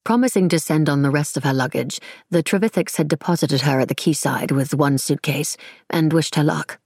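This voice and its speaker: Low husky lady reading an audiobook, dry close sound. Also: a little fast, darkish tone, dry recording. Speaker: audiobook narrator. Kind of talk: scripted narration.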